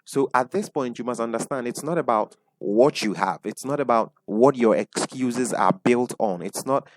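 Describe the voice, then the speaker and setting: A man's voice: mid-range voice, normal speed, no echo. A man with a Ghanaian accent teaching an online webinar as a business coach, repeating his points and asking the audience questions. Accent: Ghanaian English. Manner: repeats points, asks the audience, frequent "right?" tags.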